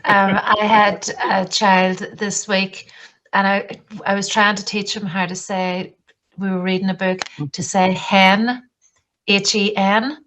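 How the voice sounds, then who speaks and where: A woman with a non-American English accent shares a classroom story and pauses as she searches for words. She speaks as a teacher in a relaxed group conversation. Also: medium pitch, rough recording. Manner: hesitant, anecdotal. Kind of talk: casual discussion.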